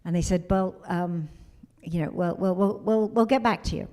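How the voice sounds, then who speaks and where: A middle-aged woman speaking on a convention panel, with a slightly low voice. She tells her stories with energy, acting out what others said. Her talk is warm and chatty. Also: normal speed. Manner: animated storyteller who acts out quotes. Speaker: convention guest of honor.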